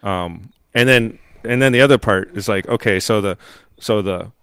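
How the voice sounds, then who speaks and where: A man's voice: fairly low pitch, normal speed, fairly bright tone, clear, resonant tone, no echo. A man co-hosting a podcast in casual chat, rambling with many fillers and restarts and laughing often. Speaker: podcast co-host.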